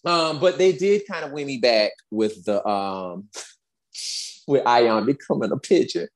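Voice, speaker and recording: A woman co-hosting a podcast, chatting casually with a deep, low voice that swings widely up and down. She tells stories emphatically, with plenty of exasperation. Her delivery stays animated throughout. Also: unhurried. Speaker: podcast co-host. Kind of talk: casual chat.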